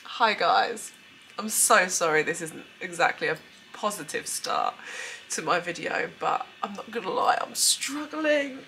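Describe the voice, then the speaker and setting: A woman's voice: fairly low pitch, lively intonation, a little slow, creaky, bright, forceful tone, faint music behind. A young British woman chatting candidly to camera at home, emotional and a little tearful. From United Kingdom. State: tearful, runny nose. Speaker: beauty vlogger. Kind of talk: casual chat to camera. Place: at home, indoors.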